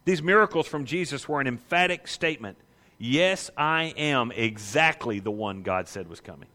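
A man preaching a sermon, reading scripture and then telling the story in an animated, emphatic way, often asking "right?". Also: mid-range voice, normal speed, in a large hall. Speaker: pastor.

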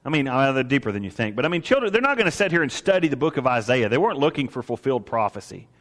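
A man preaching a sermon, swinging from soaring exclamations to hushed asides and acting out the voices of the people in his story. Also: mid-range voice, very animated, very fast, in a large hall. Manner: acts out voices of priests and merchants. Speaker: pastor.

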